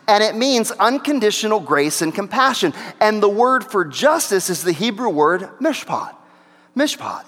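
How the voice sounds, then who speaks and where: High-voiced pastor in a reverberant hall. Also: male voice, fairly bright tone. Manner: conversational, repeats key phrases for emphasis. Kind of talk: teaching sermon. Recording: long reverb of a large hall.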